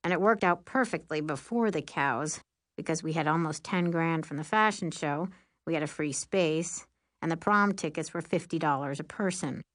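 Woman reading anxious teen boy class president, low and dry, sighing delivery. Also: normal speed, no room sound, close to an everyday voice. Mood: worried. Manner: worried, sighing, glum.

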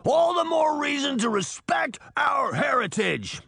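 A man's voice: very high-pitched, very animated, measured pace, gravelly, bright, forceful tone, no room sound, raised voice, studio quality, voice pushed up, full character voice. A man voicing a rugged, hot-tempered man trapped in a magic mirror who roars every line. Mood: raging. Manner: roaring, bellowing.

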